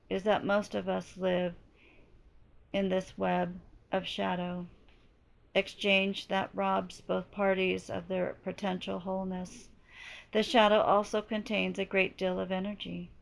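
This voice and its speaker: A woman giving a slow, deliberate spiritual teaching while she is losing her voice. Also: medium pitch, flat delivery, vocal fry. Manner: slow, deliberate, measured delivery. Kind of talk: slow reflective spoken teaching.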